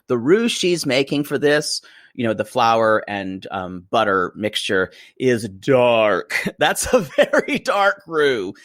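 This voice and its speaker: A man's voice: mid-range voice, a bit bright, dry recording, studio quality. A man co-hosting a podcast, chatting playfully and gossipily while recapping a reality show. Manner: playful, gossipy, laughs often. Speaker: podcast co-host. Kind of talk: casual chat recapping a TV show.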